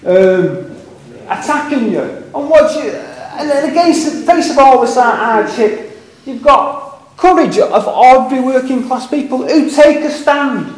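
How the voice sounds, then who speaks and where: An older man with a Liverpool accent speaks at a public meeting, earnest and a little rambling, breaking off for wry asides about himself. His voice sits unusually high for a man. The sound carries a strong echo from the hall. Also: animated, unhurried. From England. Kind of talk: impassioned public speech.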